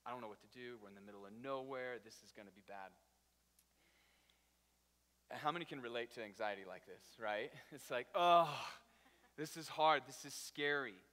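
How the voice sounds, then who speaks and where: A man pastor telling a personal story in a sermon, animated and storytelling, with restarts. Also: medium pitch. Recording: reverberant hall.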